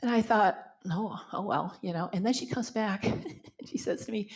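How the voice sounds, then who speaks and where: Speaking at a moderate pace in a mid-range voice, this older female minister from Canada recounts personal anecdotes during a spiritual talk. She performs the voices of those she quotes before leading a guided meditation.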